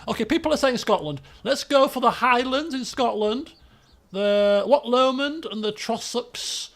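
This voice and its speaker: A man's voice: extremely high pitch, fairly bright tone. A man commentating a guessing game on a live stream, chatty, thinking aloud and laughing often.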